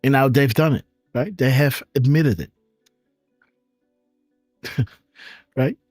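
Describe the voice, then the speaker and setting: Male host, slow emphatic commentary, keeps saying "right?", dry sound. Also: medium pitch, darkish tone, no echo, faint music behind. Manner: tags sentences with "right?", emphatic. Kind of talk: live commentary show.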